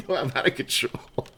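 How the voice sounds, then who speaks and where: A man's voice: sharp tone, a little hiss or hum. A man chatting casually on a game livestream, laughing often, greeting viewers by name, wired on coffee, with keyboard clicks behind. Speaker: livestream gamer.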